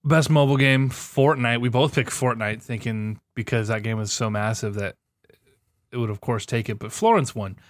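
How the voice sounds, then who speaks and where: A young man with an average-pitched voice co-hosts a casual podcast chat. He is sarcastic and quick to swear, and he bursts into animated complaints. The recording is dry and close, with no room sound. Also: no echo. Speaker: podcast co-host.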